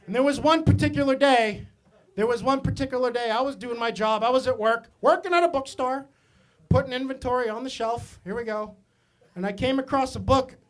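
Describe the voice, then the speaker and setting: High-voiced stand-up comic from Maine. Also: male voice, fairly quick. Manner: animated, self-mocking, frequent asides to the audience. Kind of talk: stand-up comedy storytelling.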